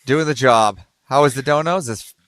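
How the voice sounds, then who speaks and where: A man's voice: mid-range voice, moderate pace, a bit bright, no echo, clean studio sound. A man co-hosting a casual livestream, chatting in an easygoing way and chuckling often.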